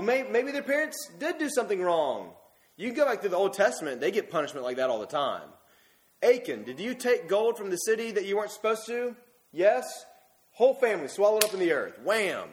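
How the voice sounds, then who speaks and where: A man preaching a sermon in an earnest, emphatic way, often restarting his words. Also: high voice.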